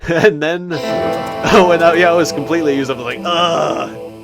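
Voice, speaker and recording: A man's voice: a little high, a little fast. A man hosting a gameplay recap, chatting casually with a self-deprecating, giggly manner and frequent restarts. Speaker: gaming video host. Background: loud game music.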